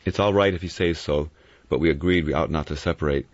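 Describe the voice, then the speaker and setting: A man voicing a blunt, stolid middle-aged ex-policeman with a gruff, matter-of-fact delivery. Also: extremely low pitch, fast talker, dry recording. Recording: dull lo-fi recording.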